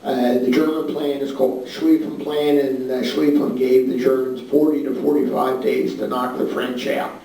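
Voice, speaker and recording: A man with a dark, gravelly voice lectures on history in a loose, conversational way, filling his pauses with "uh". He is recorded from a distance in a very echoey room, with faint noise underneath. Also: medium pitch, flat delivery. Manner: conversational, many "uh" fillers, points at a map. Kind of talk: classroom lecture.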